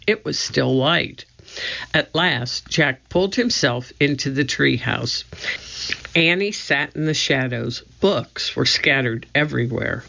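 A narrator reading a children's book aloud in an expressive storytelling manner. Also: mid-range voice, vocal fry, lo-fi sound. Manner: expressive storytelling, voicing each character. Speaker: audiobook narrator.

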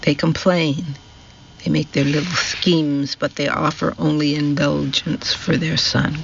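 A man's voice: fairly high pitch, little pitch movement, a little slow, gravelly, a bit bright, dull audio, slight background noise. A man doing a scornful, menacing old woman. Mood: hissing.

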